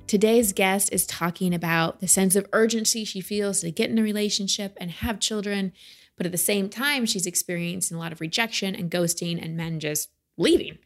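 A woman's voice: fairly low pitch, fairly quick. A middle-aged woman hosting a podcast as a life coach, talking in an earnest, chatty way with small laughs. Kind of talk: podcast monologue.

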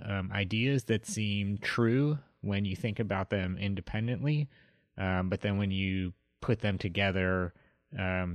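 Low-voiced man hosting a podcast. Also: no room sound, studio quality. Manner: relaxed, laughs easily, hesitant fillers. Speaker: podcast host. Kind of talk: casual explanatory chat.

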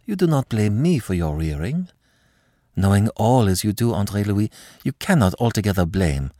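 A man's voice: on the low side, very animated, normal speed, mellow, no echo, clean studio sound. A man reading an older aristocratic mother who pleads emotionally for forgiveness in a story. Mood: pleading.

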